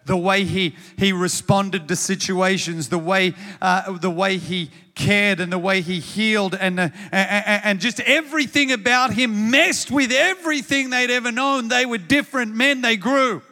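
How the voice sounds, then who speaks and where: A man's voice: high voice, steady tone, normal speed, hardly any pauses, pushed and bright, big-room sound. A man preaching a sermon as pastor, in a conversational way that often repeats words as he starts a thought.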